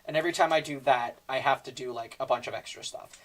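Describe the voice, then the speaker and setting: A fast-talking man with a mid-range voice casually comments while making thumbnails on a live stream. He thinks aloud, full of fillers and restarts.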